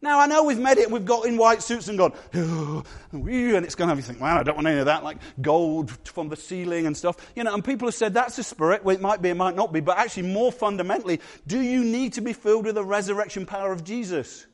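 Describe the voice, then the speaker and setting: Male pastor, higher voice, animated sermon delivery with playful asides. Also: fast, few pauses.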